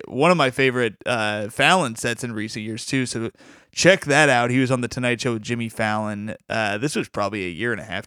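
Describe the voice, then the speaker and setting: A man co-hosting a casual podcast, speaking with an enthusiastic, rambling flow full of restarts. His voice is smooth and resonant at a medium pitch. The recording is dry and close, with no room sound. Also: a bit bright, no room sound. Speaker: podcast co-host.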